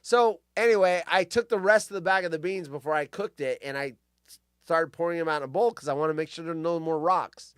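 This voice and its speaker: A man's voice: a little high, brisk, fairly bright tone, smooth, no echo, studio quality. A man in his fifties, a podcast host telling stories in a casual, profane rant and mocking people with put-on voices. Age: 50s.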